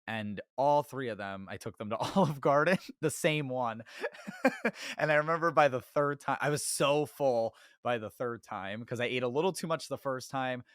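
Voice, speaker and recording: A man's voice: medium pitch, normal speed, a bit bright, no echo, studio quality. A young man hosting his own podcast in a casual, rambling solo Q&A, laughing often and apologizing a lot, his throat sore. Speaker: podcast host.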